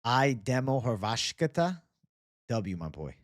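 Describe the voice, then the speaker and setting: A man's voice: mid-range voice, big pitch swings, takes it slowly, dry recording, clean studio sound. Profane bro-talking male stream host. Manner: loose, profane, bro-talk. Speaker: livestream host. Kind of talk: casual livestream chat reading viewer comments.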